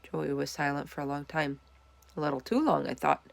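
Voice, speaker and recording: A woman reading a children's chapter book aloud, with expressive, animated storytelling. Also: low-pitched, a little fast, gravelly. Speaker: storybook reader.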